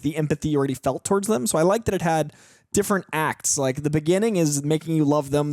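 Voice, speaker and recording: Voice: medium pitch, no room sound, studio quality. A young adult co-host talking casually about a film, breaking into exaggerated voices to joke around. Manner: animated, jumps into exaggerated voices when joking. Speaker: co-host of a movie reaction show. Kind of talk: casual chat reviewing a film.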